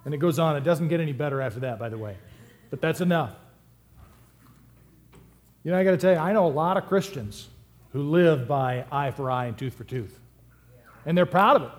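A man delivers a sermon in a church with a somewhat high voice. He talks in a conversational, humorous way and lets his volume rise and fall sharply for emphasis. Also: brisk, long pauses. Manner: humorous, conversational, lively swings in loudness. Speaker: pastor.

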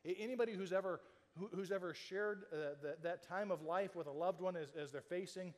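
A man's voice: sits high, a little fast, darkish tone, long reverb tail. A man preaching a sermon as a pastor, telling the story conversationally and acting out the quoted lines, with frequent restarts.

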